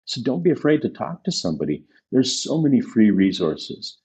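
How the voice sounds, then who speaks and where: In a casual podcast interview, a male business consultant sounds very animated, his mid-range voice darkish with a breathy edge and paced at normal speed. He stresses his points forcefully, repeating them for emphasis.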